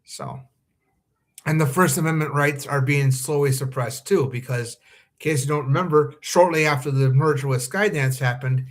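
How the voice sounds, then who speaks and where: A man's voice: medium pitch, moderate pace. A man hosting a live fan podcast, talking earnestly and anxiously, with many ums and restarts. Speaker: podcast host. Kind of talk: live-streamed commentary monologue.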